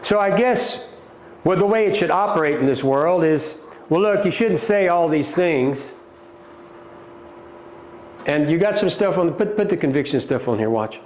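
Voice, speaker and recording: A man's voice: fairly high pitch, animated, moderate pace, pauses often, darkish tone, slight background noise. A middle-aged man with a Southern American accent, hosting a livestream and answering viewer comments in a combative, emphatic way. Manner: combative, emphatic, repeats points, addresses viewers as folks. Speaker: company CEO hosting a livestream. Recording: echoey room.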